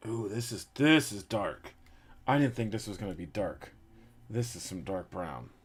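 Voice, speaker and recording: A man's voice: fairly low pitch, lively intonation, unhurried, breathy edge. A man casually chatting to his livestream viewers while painting a model, rambling with lots of fillers. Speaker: streamer painting a 3D print.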